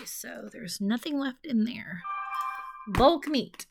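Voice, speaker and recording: A middle-aged woman hosting a budgeting channel chats casually while counting cash, murmuring the bills half under her breath between asides. Her voice is a little high with vocal fry, she takes it slowly, and there's background noise.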